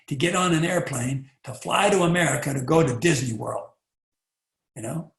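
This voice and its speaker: A man giving a motivational talk, animated and rhetorical, often asking the listener questions. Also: a little high, moderate pace, gravelly. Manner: animated, rhetorical, acts out little voices. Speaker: motivational speaker. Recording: echoey room.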